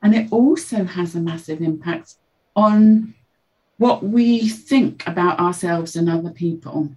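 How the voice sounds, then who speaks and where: A woman with a slightly low voice talks through her ideas in an unhurried, reflective way. She explains carefully and often drops into quoted phrases to illustrate them. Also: poor audio. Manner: calm, explanatory, acts out example phrases. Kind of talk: reflective podcast conversation.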